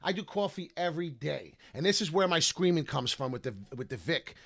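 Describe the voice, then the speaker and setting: A man hosting his own crypto channel, ranting loudly with heated swings between shouting and quieter apology. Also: on the high side, expressive, fairly quick, vocal fry. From Italian heritage. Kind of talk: ranting vlog.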